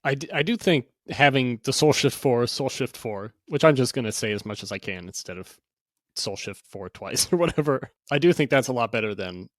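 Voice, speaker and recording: A man's voice: medium pitch, expressive, fairly quick, no room sound, clean studio sound. A man co-hosting a casual card game review podcast, speaking hesitantly and hedging his opinions. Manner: hesitant, hedging, laughs often. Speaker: podcast co-host.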